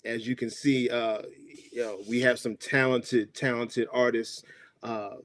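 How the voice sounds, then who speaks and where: A man hosts an online arts event in a relaxed, encouraging manner, dotting his speech with fillers. His voice sits in the middle range. The sound is dry and close, as if over a video call. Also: medium pitch, unhurried, dry recording. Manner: laid-back, hype, lots of fillers. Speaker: host. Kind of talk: casual hosting.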